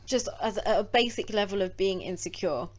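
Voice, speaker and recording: A woman's voice: mid-range voice, a little fast, a little mellow. A woman with a mid-range voice, talking as a podcast guest. She speaks frankly and thoughtfully about feelings, and laughs easily in between. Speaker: podcast guest, veterinary nurse. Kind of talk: casual podcast chat.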